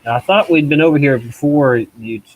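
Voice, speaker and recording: A man's voice: medium pitch, moderate pace, slight background noise, rough recording. A talk show host on a call with headphones, chatting casually and mumbling while he clicks around.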